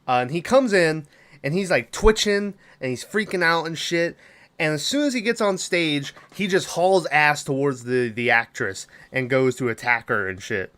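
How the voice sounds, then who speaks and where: A man's voice: fairly high pitch, a bit bright. A man hosting a podcast, recapping a film's plot in a loose, rambling way with lots of swearing. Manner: loose, profane, rambling storytelling with fillers. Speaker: podcast host. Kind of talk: casual movie review recap.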